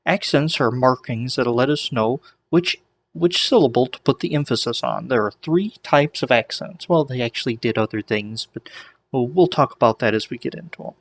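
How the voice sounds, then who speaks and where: A man teaching ancient Greek in a relaxed, chatty lesson, with frequent restarts and small jokes. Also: medium pitch, normal speed. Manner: relaxed, many restarts and asides, light joking. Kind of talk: casual whiteboard lesson.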